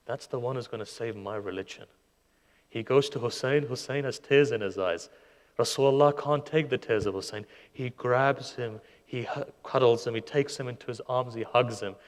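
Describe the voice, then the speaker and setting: A man preaching a sermon, retelling stories with passion, his voice surging loud and then dropping soft. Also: mid-range voice, normal speed. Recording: long hall reverb.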